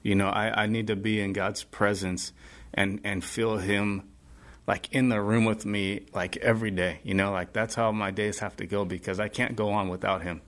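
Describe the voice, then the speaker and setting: A man's voice: lowish voice, level tone, normal speed, a bit bright. A man as a podcast guest, sharing earnestly in a casual, rambling way full of fillers. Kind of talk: casual testimony chat.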